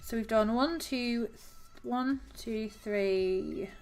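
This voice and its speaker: A woman's voice: on the high side, slow pace, a little mellow, smooth. A woman with a southern English accent, chatting casually with her audience while crocheting on a live stream, laughing often and talking to her cat. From southern England. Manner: chatty, giggly, talks to her cat and reads chat aloud. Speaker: craft streamer.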